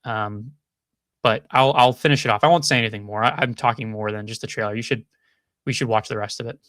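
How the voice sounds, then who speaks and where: A man's voice: lowish voice, fairly even intonation, a little fast, a bit bright. A man hosting a casual commentary show, thinking aloud with frequent restarts and hedges. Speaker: podcast host.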